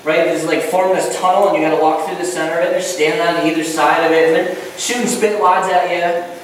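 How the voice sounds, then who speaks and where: Goofy pastor preaching from far back in an echoey hall. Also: male voice, on the high side, steady tone, a little fast, a little hiss or hum. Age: middle-aged. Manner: goofy, conversational, acts out quoted voices. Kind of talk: sermon. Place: church hall.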